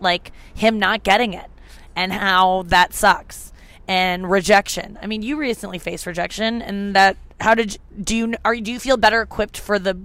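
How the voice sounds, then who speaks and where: Chatty woman hosting a podcast, smooth voice. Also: mid-range voice, fairly bright tone. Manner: chatty, rambling, self-interrupting. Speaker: podcast host. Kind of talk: casual chat.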